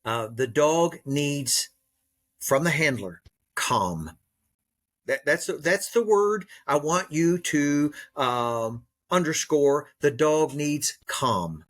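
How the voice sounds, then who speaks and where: Man, dog trainer, podcast guest, emphatic, coaching tone, repeats words for stress, higher-pitched voice. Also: slow. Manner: coaching, teacherly. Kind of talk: podcast interview.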